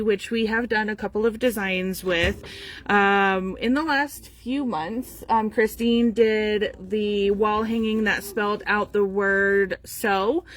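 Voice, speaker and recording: A sewing store staff member hosts a laid-back live video, rattling through class details with many fillers. Her voice is medium-pitched and a bit bright.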